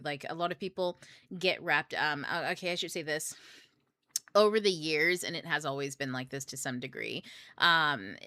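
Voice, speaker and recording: A woman's voice: deep voice, bright, forceful tone, dry recording. A young adult woman hosting a book club, talking casually about astrology in a rambling, candid way, swearing freely. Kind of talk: casual livestream talk on astrology.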